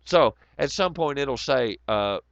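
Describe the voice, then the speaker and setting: Hoarse, profane streamer. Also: male voice, mid-range voice, animated, measured pace, fairly bright tone, no echo, muffled recording. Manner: profane, rambling, sardonic. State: hoarse, voice nearly gone. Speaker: livestream host. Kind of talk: casual livestream chat.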